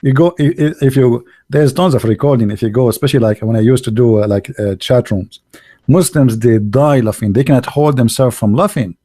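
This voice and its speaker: A man talking in a casual, sarcastic monologue, full of halting fillers and mockery. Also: mid-range voice, warm tone, no room sound, clean studio sound. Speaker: online religious debater.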